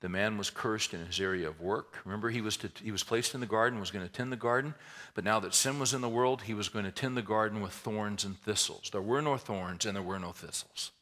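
A man preaching a sermon in an animated way, mixing humorous asides into the teaching. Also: lowish voice, a little fast. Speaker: pastor.

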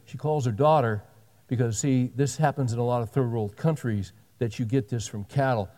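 A man's voice: mid-range voice, dark tone. A man preaching a sermon, telling a story in a conversational way and acting out the back-and-forth of what people said. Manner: conversational, retells dialogue in quick back-and-forth. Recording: long hall reverb.

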